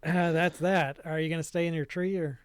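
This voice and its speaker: A man running a tabletop game as game master, narrating in a relaxed way with fillers and chuckles. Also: a little high, fairly quick, clear, resonant tone, dry recording.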